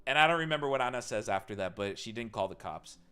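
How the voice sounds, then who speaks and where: A young man streaming to his live chat, telling a story in a casual, swearing way and breaking into loud mock panic. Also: medium pitch, animated, fast, clear, resonant tone.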